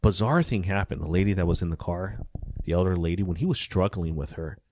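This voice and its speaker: Deep-voiced ex-cop telling profane stories. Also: male voice, brisk, dry recording. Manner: animated, profane storyteller acting out dialogue. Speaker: former police officer. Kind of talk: casual storytelling interview.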